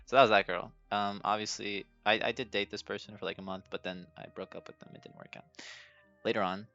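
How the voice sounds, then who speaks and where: A young man hosts a podcast, laughing a lot as he rambles through self-mocking personal stories. His fairly low voice sounds pushed and bright, over dull lo-fi audio with faint music behind it.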